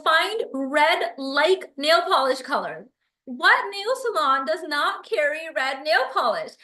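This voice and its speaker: A woman hosts a live stream in a high, bright voice, reading viewer comments aloud and answering them with effusive, animated energy. Her voice rings a little in an echoey room. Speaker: livestream host and business coach.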